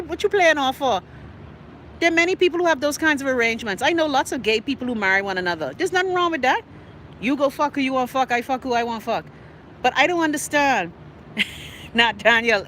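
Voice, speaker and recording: A woman's voice: medium pitch, a bit bright, a little hiss or hum. A middle-aged woman with a Bahamian accent hosting a live talk show. She rants in a brash, profane way and teases her viewers by name. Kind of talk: casual live-stream rant.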